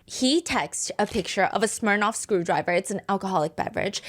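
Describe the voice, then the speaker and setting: A woman talks through a court case in a relaxed, chatty storytelling manner. Her voice sits at an ordinary middle pitch, easygoing and conversational, with quoted messages woven into the telling. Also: a little fast. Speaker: host explaining a court case. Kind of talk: casual storytelling commentary.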